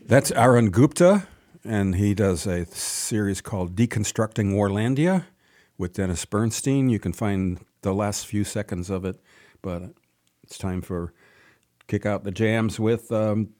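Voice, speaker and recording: Male community radio host; low, mellow voice; casual and joking at sign-off. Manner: loose, joking, rushes through announcements.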